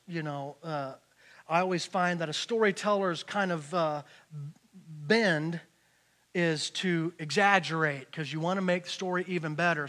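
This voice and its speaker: A middle-aged man giving a personal testimony in church, telling his story in an animated way and often repeating words. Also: high-pitched.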